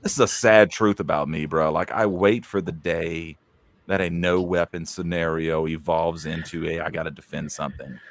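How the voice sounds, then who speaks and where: A man's voice: low-pitched, fairly even intonation, moderate pace, dry recording. A man chatting casually on a podcast in a laid-back, confessional way. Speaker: podcast guest. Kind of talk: casual chat.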